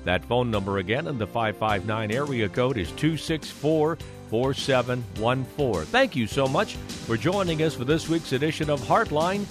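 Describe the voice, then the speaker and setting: A man reading a scripted radio sign-off announcement in a smooth, promotional manner. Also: mid-range voice, expressive, normal speed. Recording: announcement over music.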